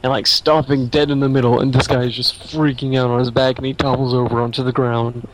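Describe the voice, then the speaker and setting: A man's voice: medium pitch, little pitch movement, quick pace, low-quality recording. A young man narrating as game master of a tabletop horror game in casual, swearing voice chat. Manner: casual, swearing, laughing often.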